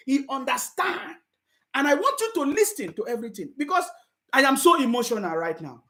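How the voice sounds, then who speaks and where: High-voiced, fervent Nigerian woman. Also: big pitch swings, brisk. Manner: emphatic, repetitive, sometimes shouting. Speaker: political commentator. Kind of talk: impassioned political commentary vlog.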